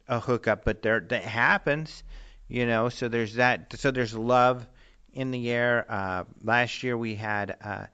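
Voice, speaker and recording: A man's voice: medium pitch, a bit bright, smooth. A young man hosting a radio show, signing off in a rambling, joking, self-deprecating way. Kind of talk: casual radio sign-off chat.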